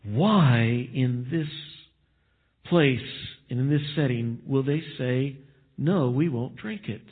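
A man's voice: medium pitch, breathy edge. A man preaching a sermon, reading scripture aloud and explaining it with emphasis. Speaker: pastor. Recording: tinny phone-like sermon recording.

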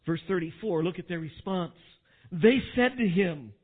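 A male pastor preaching a sermon, swinging from quiet asides to loud, dramatic quotations. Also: sits high, animated, normal speed, slightly rough. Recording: tinny phone-like sound.

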